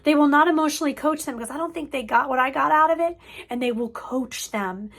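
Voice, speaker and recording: A woman's voice: high voice, fairly quick, vocal fry, fairly bright tone. A woman mental health counselor giving an earnest parent-coaching talk, stressing key points by repeating words. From United States.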